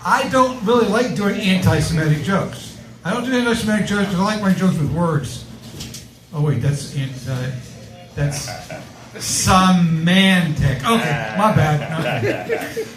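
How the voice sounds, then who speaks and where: Stand-up comic man, halting delivery; echoey, noisy live room. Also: high voice, expressive. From Connecticut, USA. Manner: halting, filler-heavy delivery. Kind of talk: stand-up comedy set.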